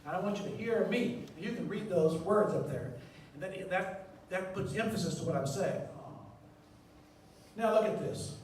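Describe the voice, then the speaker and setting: A man giving a conference talk in a large lecture hall with a handheld mic, emphatic and repeating key words, swinging between loud and soft. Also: high-pitched, expressive, moderate pace, background noise. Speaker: surgeon lecturing on presenting. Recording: echoey hall from far off.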